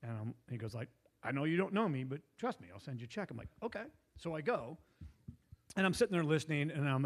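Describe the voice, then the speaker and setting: A man tells stories in a loose, rambling way. He drifts off topic and laughs at himself, and his pitch sits in the middle range. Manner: rambling, digressive, laughs often. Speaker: guest investor. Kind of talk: casual storytelling. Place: meetup room.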